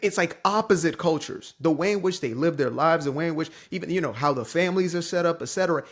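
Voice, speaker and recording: A man's voice: fairly high pitch, quick pace, a bit bright. A young man from the Bay Area giving a casual, emphatic, preachy opinion monologue as a commentator. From San Francisco Bay Area.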